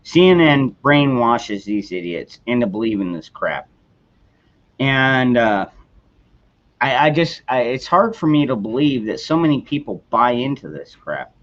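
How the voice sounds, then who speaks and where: A man's voice: mid-range voice, very animated, measured pace, fairly bright tone. A middle-aged man hosting a casual political chat stream, talking in rambling bursts with many restarts. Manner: rambling, frequent restarts and fillers. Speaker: livestream host. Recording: dull lo-fi sound.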